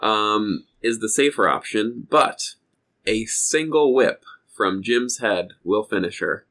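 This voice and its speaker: A man's voice: fairly low pitch, animated, slow, fairly bright tone, low-quality recording. A man co-hosting a casual video game podcast, talking in a rambling, hesitant way with many fillers. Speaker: podcast co-host. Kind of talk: casual game review chat.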